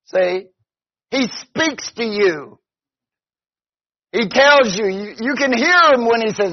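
A man's voice: high-pitched, big pitch swings, takes it slowly, pauses often, husky. A man preaching a conversational sermon as pastor, often stopping to ask "see?". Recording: dull lo-fi recording.

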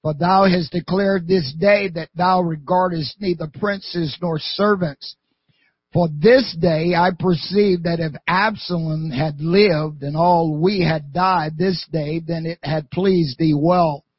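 A stern army general, forceful and scolding, his husky voice growing louder as he presses his point, as a man reading scripture aloud takes his part. The sound is dry and a little dull. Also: on the high side, steady tone, slow pace, dry recording. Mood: rebuking. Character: stern male army general rebuking a king.

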